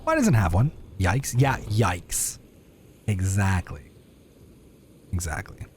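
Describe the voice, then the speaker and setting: A man's voice: on the low side, huge pitch swings, measured pace, a little hiss or hum. Chatty young male game streamer. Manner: chatty, self-mocking asides to chat. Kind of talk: live gameplay commentary.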